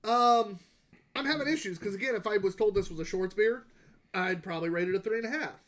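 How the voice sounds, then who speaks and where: A man's voice: high-pitched, fast, fairly bright tone. A man co-hosting a beer-review podcast, blunt and swearing freely in casual chat. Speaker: podcast co-host.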